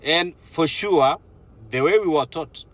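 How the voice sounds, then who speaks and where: Taking it slowly in a fairly high-pitched voice, this young Kenyan man speaks with a Kenyan accent as he addresses his viewers casually. He's chatty and laughing, switching between English and Swahili.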